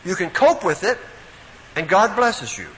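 Male preacher for a sermon, bright and highly animated, long hall reverb. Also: unhurried. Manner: animated, storytelling, emphatic. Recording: echoey hall, faint room noise.

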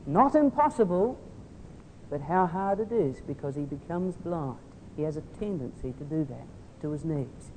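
A man preaching a sermon in an earnest manner, moving between soft tender asides and loud emphatic appeals. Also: lively intonation, moderate pace. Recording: hall reverb with faint rumble.

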